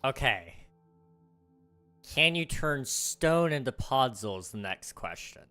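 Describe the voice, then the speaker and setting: A man's voice: medium pitch, animated, slow, sharp tone, faint music behind. A man chatting casually with his viewers on a livestream, rambling and poking fun at himself. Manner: rambling, chatty, self-deprecating.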